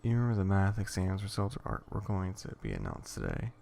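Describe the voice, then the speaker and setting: A man reading an interactive horror story aloud in a hushed, would-be ASMR tone, stumbling over words and stopping to joke. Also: low voice, wildly swooping pitch, fairly quick, creaky, slight background noise. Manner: rambling, stumbles and self-corrects, jokes between lines. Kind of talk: casual reading with asides.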